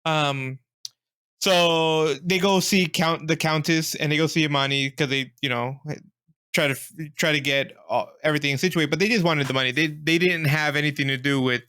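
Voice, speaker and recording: A man's voice: on the high side, steady tone, moderate pace, bright, forceful tone, smooth. A man co-hosting a podcast who gives short agreeing replies and recaps a movie plot step by step. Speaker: podcast co-host. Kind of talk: casual movie review chat.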